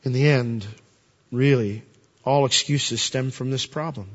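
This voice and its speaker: A man's voice: mid-range voice, a little slow. A man preaching a sermon in a conversational way, with humorous asides and plenty of rhetorical questions. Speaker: pastor. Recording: dull lo-fi audio in a reverberant hall.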